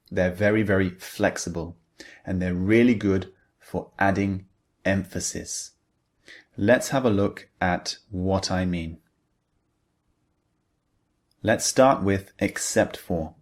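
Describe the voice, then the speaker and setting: Male English teacher, low voice, slow and deliberate explaining, scripted lesson. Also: a little mellow.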